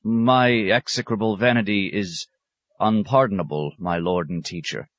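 A man's voice: lowish voice, normal speed, fairly bright tone, dry recording, lo-fi sound. A man voicing a timid seventeen-year-old novice monk who stammers and gasps his replies. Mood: anxious. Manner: stammering, breathless.

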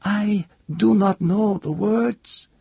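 A man doing a high, terrified old chanter. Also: slow pace, vocal fry, warm tone, husky, dry recording, heavily acted. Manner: stammering, rising in fear.

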